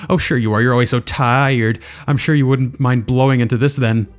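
A man voicing a bossy, dramatic little kindergarten girl who scolds in a shrill, theatrical way. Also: fairly even intonation, a little fast, close to an everyday voice. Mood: accusing.

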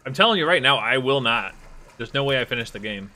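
Young man, streamer, bright lively voice, jumpy, swears a lot, nervous laughs. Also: medium pitch, fast talker. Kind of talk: let's play commentary.

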